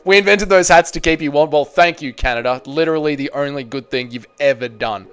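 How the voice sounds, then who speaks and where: A man's voice: fairly high pitch, fairly quick, a bit bright, clean tone. A young man hosting a casual livestream, reading chat aloud and swearing bluntly. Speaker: livestream host.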